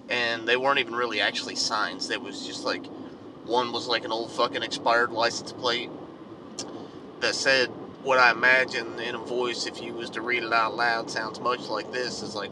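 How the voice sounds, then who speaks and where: A man's voice: mid-range voice, moderate pace. A man telling a funny, profane story about his neighbors in a sarcastic, swearing manner. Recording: distant mic with outdoor noise.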